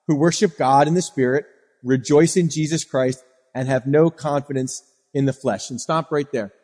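A male pastor delivers an animated sermon, slipping into little acted voices for the people he quotes. His voice sits a bit high with a husky edge. The sound carries a long reverb, as from a big hall.

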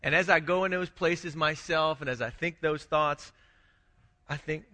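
A man's voice: a little high, steady tone, measured pace, bright, forceful tone, long reverb tail. A man preaching a conversational sermon as a pastor, asking rhetorical questions and restarting his phrases.

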